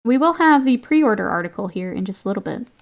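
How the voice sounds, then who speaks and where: A woman's voice: medium pitch, animated, quick pace, vocal fry, dull audio. A woman streaming while painting miniatures, chatting casually with viewers, reading their comments and laughing often. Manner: chatty, laughs often, reads and answers chat.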